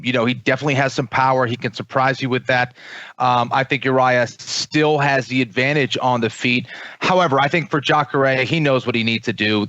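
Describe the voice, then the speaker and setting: A man co-hosting a podcast gives measured fight picks, often pausing with "um" and "you know.". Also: mid-range voice, fairly bright tone, no echo, lo-fi sound. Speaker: podcast co-host, fight analyst. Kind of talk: casual fight analysis.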